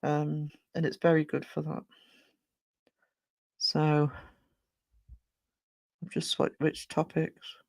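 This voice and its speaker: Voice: medium pitch, completely flat delivery, slow, gravelly, long pauses, a little mellow, dry recording. A live-stream host chatting casually and rambling, thanking viewers and reading chat aloud with many fillers and restarts. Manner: frequent fillers and self-corrections.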